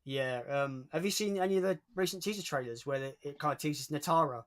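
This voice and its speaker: A man's voice: a little high, brisk. A young man hosting a livestream in casual chat, reading out viewer comments as he talks. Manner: chatty, reads out viewer comments. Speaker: livestream host.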